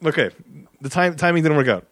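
A man's voice: fairly high pitch, lively intonation, fast, fairly bright tone, no room sound, studio quality. A man hosting a casual movie podcast, joking and chuckling through his points. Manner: chuckling, jokey asides.

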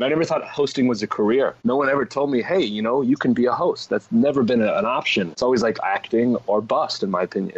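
A young man telling a story as a guest, excitable and chatty with many fillers. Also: medium pitch. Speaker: guest, gaming show host. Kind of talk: casual storytelling. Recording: dull lo-fi audio.

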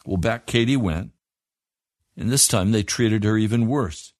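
A man's voice: fairly low pitch, a little slow, no echo, studio quality. A man telling a moral story to children in an earnest storytelling manner.

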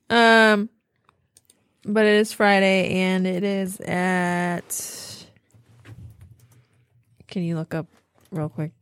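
Hesitant woman, slow and dry. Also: medium pitch, fairly even intonation, smooth, no echo. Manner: hesitant, many fillers. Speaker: podcast producer. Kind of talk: casual chat.

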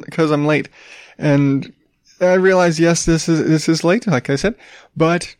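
Rambling joking dad podcast host. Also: male voice, mid-range voice, dry recording, studio quality. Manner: rambling and jokey, with frequent restarts and casual swearing. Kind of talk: casual solo podcast talk.

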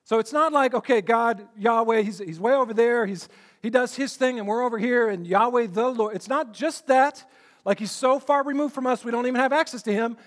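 A man's voice: extremely high pitch, fairly quick, fairly bright tone. A male pastor preaching a sermon, earnest and emphatic, often repeating words as he builds a point.

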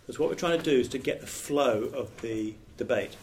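Speaking fairly quickly with a darkish, medium-pitched tone, a middle-aged pastor from Britain gives a training talk on preaching. He's earnest, emphatic and conversational, restarting at times, with slight background noise.

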